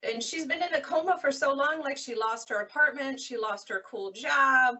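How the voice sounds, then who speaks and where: Bright-voiced woman librarian chatting about books. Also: sits high, normal speed, far from the mic. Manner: animated retelling, acts out characters' lines. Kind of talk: casual book recommendation chat.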